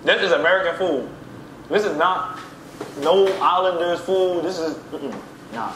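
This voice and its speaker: A man's voice: high voice, unhurried. Blunt male interviewee, matter-of-fact, echoey room with noise. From New York area. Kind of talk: interview talk.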